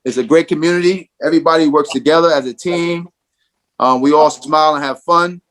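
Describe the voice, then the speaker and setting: A man's voice: fairly high pitch, a little fast, fairly bright tone. Enthusiastic folksy man with a drawl. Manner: enthusiastic, folksy, repeats himself. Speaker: garden tour guest. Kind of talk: casual testimonial on a video call.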